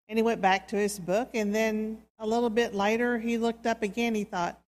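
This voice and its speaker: A woman's voice: a little high, level tone. Woman preacher telling a sermon story. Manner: slow, soft, dramatic storytelling. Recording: reverberant hall.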